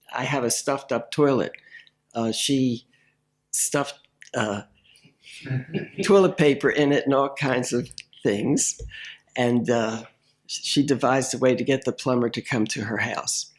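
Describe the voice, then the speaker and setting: A man telling a story in casual spoken style, with frequent pauses, fillers and restarts. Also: medium pitch. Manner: halting, with many fillers and restarts.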